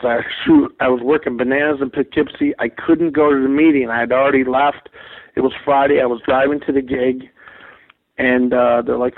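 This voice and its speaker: A man on a phone call to a show, swearing freely as he tells his stories and acting out what everyone said in lively voices. His voice is mid-pitched and comes through thin and tinny over the line. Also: brisk. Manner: animated and profane, acts out quoted dialogue. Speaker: comedian calling in as a guest. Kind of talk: casual anecdote telling.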